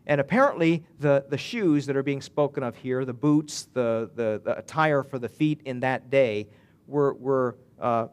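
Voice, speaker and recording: A man's voice: mid-range voice, measured pace, smooth. A male pastor preaching a sermon in an earnest way, building to emphatic swells and often restarting his phrases.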